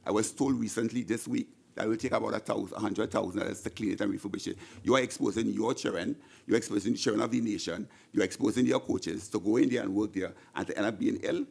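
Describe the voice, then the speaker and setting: A middle-aged man from Trinidad and Tobago with a Trinidadian accent speaks in a lowish, creaky voice that is a little mellow with a breathy edge, moving quickly with few pauses. He's giving a fervent budget speech into a desk microphone in the senate chamber, frequently repeating words and restarting.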